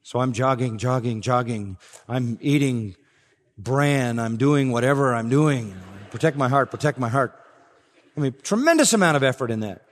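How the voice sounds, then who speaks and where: A man's voice: medium pitch, lively intonation, moderate pace. An older man preaching an expository sermon as pastor, rising to emphatic swells. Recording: long reverb of a large hall.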